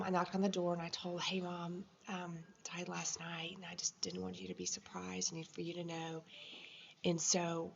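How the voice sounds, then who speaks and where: Emotional woman with a gravelly voice. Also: on the low side, lo-fi sound, a little hiss or hum. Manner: emotional, halting, with many fillers. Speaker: vlogger. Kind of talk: personal video journal, storytelling.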